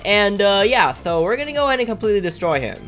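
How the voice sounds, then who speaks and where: A man giving excitable, trash-talking commentary over his own gameplay as a gaming YouTuber. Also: high-pitched, fast, faint music behind.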